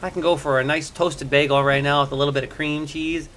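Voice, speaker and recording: A man with a bright, forceful voice streams a game live. He thinks aloud and talks to his chat all the way through. He gets loud and jumpy when something startles him. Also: fairly high pitch, steady tone, fairly quick. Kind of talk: live gameplay commentary.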